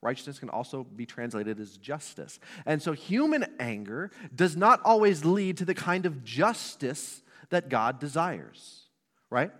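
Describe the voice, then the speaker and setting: A man in his thirties preaching a sermon to a church congregation, conversational and asking the room questions. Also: on the high side. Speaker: pastor. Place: church sanctuary. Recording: long reverb of a hall.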